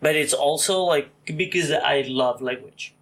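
A podcast co-host speaks at a measured pace over poor audio, rambling through casual conversation and using "like" a lot. He's animated, shifting into higher voices for quotes.

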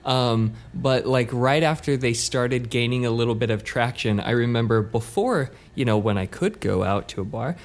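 A man's voice: medium pitch, normal speed, few pauses. A man co-hosting a podcast, telling a story in a loose, rambling way with lots of fillers and joking asides. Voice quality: swears casually. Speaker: podcast co-host. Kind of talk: casual podcast chat.

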